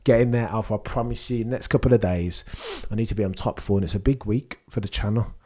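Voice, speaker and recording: A man's voice: on the low side, fairly quick. A man hosting a live stream before a race, chatting casually with viewers, with a stuffy nose as he recovers from illness. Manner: chatty, banters with chat, bursts of excitement. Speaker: live-stream host reading chat.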